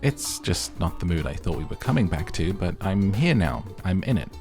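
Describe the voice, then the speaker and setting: A man's voice: deep voice, sing-song, moderate pace. A man voicing a young huntress woman who talks in a flustered, hesitant way, devoted to her mother. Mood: awkward. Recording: music playing behind.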